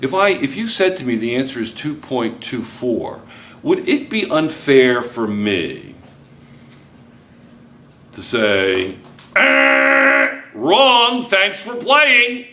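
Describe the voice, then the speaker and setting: A man's voice: medium pitch, sing-song, slow pace, pauses often, a bit bright. A male chemistry teacher, giving a joking classroom lecture and constantly checking in with students.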